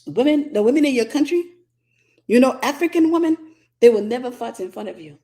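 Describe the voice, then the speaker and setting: An American woman hosting a candid Christian teaching talk, telling a humorous personal story in an animated, confessional way. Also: high voice, brisk. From United States.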